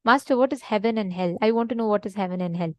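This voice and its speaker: A woman's voice: medium pitch, quick pace, a little mellow, no room sound, close to an everyday voice. A woman voicing a proud, hot-tempered male samurai warrior in a spoken parable. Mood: earnest.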